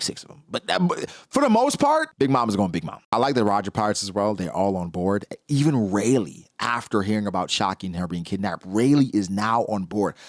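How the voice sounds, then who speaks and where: A man hosting a manga reaction show in casual commentary, talking in an animated, slangy way. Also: no echo, clean studio sound. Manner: animated, slangy, jumps into high-pitched character impressions.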